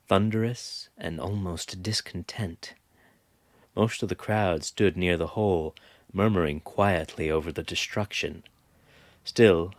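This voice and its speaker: Audiobook narrator: man, low register, unhurried, expressive delivery. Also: dry recording. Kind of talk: scripted narration.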